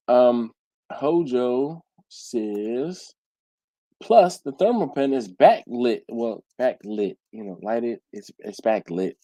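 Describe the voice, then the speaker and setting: A man's voice: medium pitch, takes it slowly, dry recording, rough recording. Congested man hosting a live chat. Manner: relaxed, reads viewer comments aloud and answers. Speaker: livestream host reading chat. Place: home.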